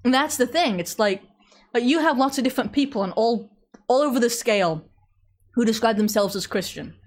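A woman's voice: fairly high pitch, fairly quick. A woman from England with an English accent, hosting a casual commentary show and talking to viewers in a sarcastic, chatty way. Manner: sarcastic, chatty, frequent restarts and laughs.

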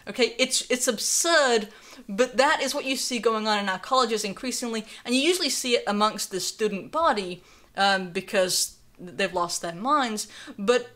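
A young woman with a North Carolina accent hosts a live stream, offering sarcastic, conversational commentary and reading viewer messages aloud. Her voice is on the high side and a bit bright, at a moderate pace.

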